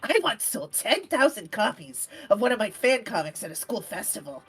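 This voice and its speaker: A woman's voice: medium pitch, sing-song, moderate pace, fairly bright tone, slightly rough, faint music behind, full character voice. Woman doing a boastful male otaku artist. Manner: boastful, self-important. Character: pompous male otaku fan-comic artist. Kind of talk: let's play voice acting.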